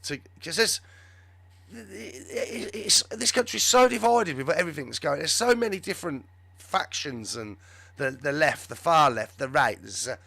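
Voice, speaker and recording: A man's voice: on the high side, lively intonation, moderate pace, gravelly, sharp tone, dry recording. A man hosting a live show, giving rambling, sarcastic, off-the-cuff commentary on the news. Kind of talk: live political commentary chat.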